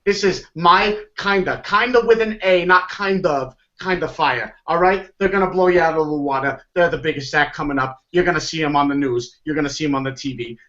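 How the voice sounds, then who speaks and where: A man putting on a Brooklyn accent to play a brash, fast-talking male band manager who pitches his act to promoters. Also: sharp tone, highs cut off. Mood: hyped pitching. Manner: pushy salesman patter.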